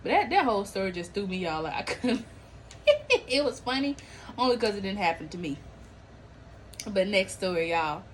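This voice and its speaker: A woman's voice: medium pitch, normal speed, pauses often, a little hiss or hum, rough recording. A woman hosting a podcast, chatting casually and animatedly, full of slang and laughter, acting out what people said. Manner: animated, slangy, laughs often, acts out quotes. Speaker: podcast host. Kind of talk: casual chat about celebrity and viral news.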